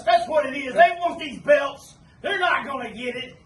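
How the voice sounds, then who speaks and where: A man's voice: very high voice, moderate pace, few pauses, sharp tone, shouting, a faint crowd, slight background noise. A man, a pro wrestler cutting a cocky, taunting promo. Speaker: pro wrestler, tag team champion. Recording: roomy arena mic from a distance.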